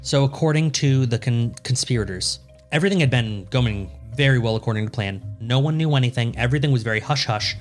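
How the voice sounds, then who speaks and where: A man's voice: medium pitch, a little fast, soft background music. Casual man telling a history story. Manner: casual, profane, laughs often.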